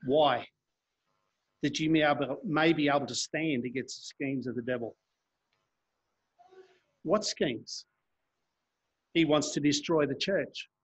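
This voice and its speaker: A man's voice: on the high side, slow pace, long pauses, slightly rough. A man preaching a sermon in a church, reading scripture aloud and explaining it earnestly.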